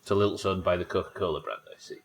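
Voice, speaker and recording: Low-voiced and quick, a young British guy talks his way through a live game stream. The chat is casual, full of laughter and plenty of swearing.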